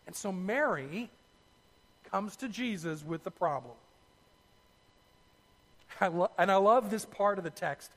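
A man preaching a sermon, telling the story in a lively way with asides to his listeners. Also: sits high, unhurried, pauses often, in a large hall. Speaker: pastor.

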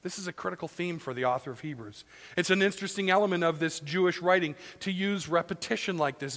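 High-voiced gravelly pastor in echoing hall. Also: male voice, quick pace. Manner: dynamic, shifting from loud emphasis to hushed near-whispers; acts out complaining voices. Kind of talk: sermon.

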